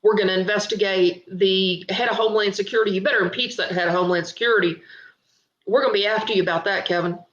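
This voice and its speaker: A woman hosting a political commentary livestream, talking excitedly and emphatically straight to her viewers. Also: mid-range voice, quick pace. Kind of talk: Facebook live political commentary. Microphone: webcam or phone on livestream. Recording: echoey room, slightly muffled livestream audio.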